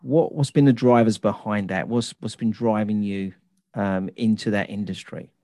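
London-accented male interviewer, warm mellow tone, dry close sound, relaxed questioning. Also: lowish voice, moderate pace, no room sound. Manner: relaxed, asks leading questions with tag questions. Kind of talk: casual interview.

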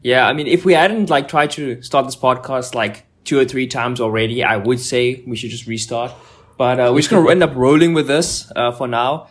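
A man hosting a casual sports podcast, relaxed and self-mocking, with frequent hesitant fillers. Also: medium pitch, normal speed. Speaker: podcast host.

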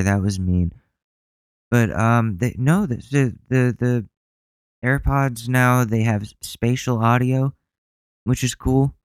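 Blunt, profane, ranting podcast host. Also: male voice, lowish voice, a little mellow, clean tone, dry recording. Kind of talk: solo podcast rant.

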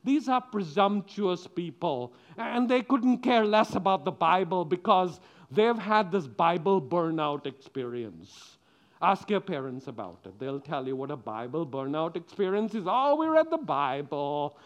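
A man's voice: high voice, animated, measured pace. A middle-aged man giving a children's sermon, telling the story with animation and asking the children questions. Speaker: preacher.

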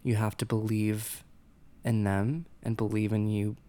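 A man's voice: fairly low pitch, little pitch movement, measured pace, warm tone. A man hosting a casual interview, playful and chatty. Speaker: podcast host.

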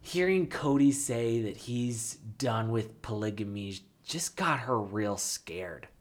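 A man co-hosts a casual recap podcast, talking in a loose and sarcastic way. He swears freely and gets animated as he retells scenes. His voice sits at an ordinary middle pitch. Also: slow. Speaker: podcast co-host.

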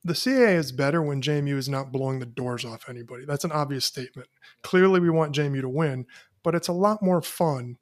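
A man's voice: a little high, fast talker. A man co-hosting a casual sports talk show, blunt and matter-of-fact. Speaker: podcast co-host.

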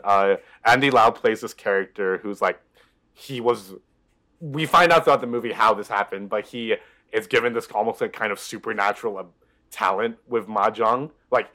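A man's voice: on the low side, normal speed, pushed and bright. A man co-hosting a podcast, chatting casually and enthusiastically with lots of fillers. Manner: rambling, enthusiastic, heavy on fillers. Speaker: podcast co-host. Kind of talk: casual chat.

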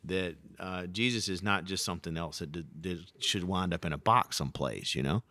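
Gravelly-voiced pastor telling a rambling story. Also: male voice, deep voice, a little fast, sharp tone. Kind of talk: casual podcast conversation.

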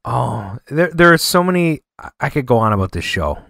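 Animated man rambling on a podcast. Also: mid-range voice, moderate pace, gravelly, no echo, studio quality. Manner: animated, rambling, laughs often. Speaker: podcast co-host. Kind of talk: casual chat.

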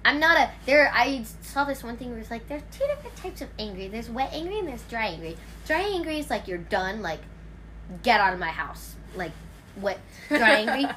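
A woman's voice: fairly high pitch, fairly quick, a little hiss or hum. A woman hosting a casual chat at home, rambling through stories with lots of fillers. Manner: rambling, filler-heavy, animated storytelling. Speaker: host.

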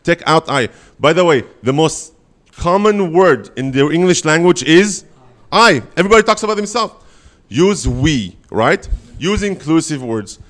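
Middle-aged man, rabbi-style teacher, slightly high voice, animated, fires rhetorical questions at his listeners. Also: measured pace. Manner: animated, asks the audience questions and answers them. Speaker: rabbi teaching the weekly Torah portion. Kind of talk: lively sermon.

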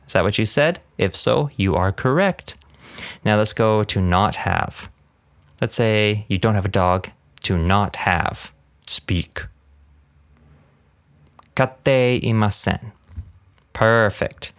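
A man giving a casual podcast language lesson, rambling and laughing often, drilling words slowly. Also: on the low side, a bit bright, dry recording. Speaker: language teacher.

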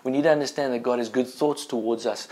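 Middle-aged male pastor, mid-pitched, chatty online sermon, loose and halting. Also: steady tone, darkish tone.

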